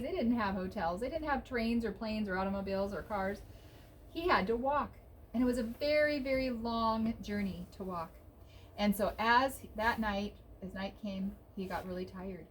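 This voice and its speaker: A woman teaching children a Bible story, exclaiming often and pausing with fillers. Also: medium pitch, slight background noise, low-quality recording. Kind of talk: storytelling lesson for kids.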